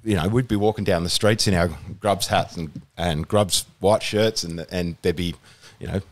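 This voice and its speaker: A young Australian man, appearing as a podcast guest, chats casually in a deep voice with fairly even intonation at a moderate pace. He rambles, full of fillers and restarts.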